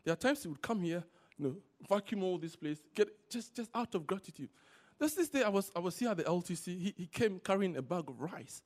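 Guy preaching, higher voice, keeps repeating the key words, gets lively telling stories. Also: brisk, few pauses. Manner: animated storytelling. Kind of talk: sermon.

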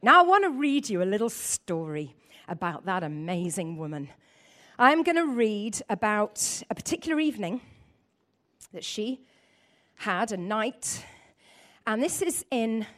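A woman preaching a lively sermon, joking with her audience and acting out scenes. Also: medium pitch, a little slow. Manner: animated, laughing, acts out voices.

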